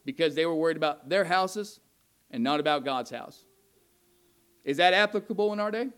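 Male pastor, high voice, sermon delivery with congregation asides and scripture reading. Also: normal speed, clear, resonant tone. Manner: grows loud and heated when voicing God's anger.

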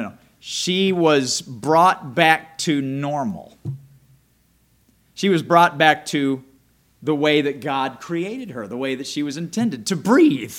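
Preaching man, loud then quiet. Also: a little high, expressive, slow pace. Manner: conversational preaching, repeats "all right?" often; swings from loud emphasis to quiet, close talk. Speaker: pastor. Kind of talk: sermon.

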